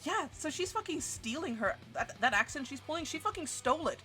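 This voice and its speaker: Woman streamer with a bright, forceful voice and a swearing storytelling rant, with quiet music underneath. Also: brisk. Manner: profane, animated, jumps in pitch. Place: home streaming setup. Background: faint music.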